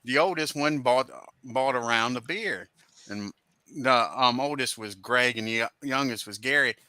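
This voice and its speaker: A man with a very bright, sharp voice hosts a casual group chat and tells a story. He swears freely and acts out the quotes loudly. The sound is dry and close. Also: medium pitch, a little slow, clear, resonant tone, no echo. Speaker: host.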